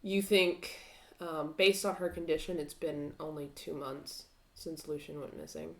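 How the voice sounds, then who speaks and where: A woman narrating a tabletop game as game master, halting with many fillers. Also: low-pitched, little pitch movement. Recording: roomy echo.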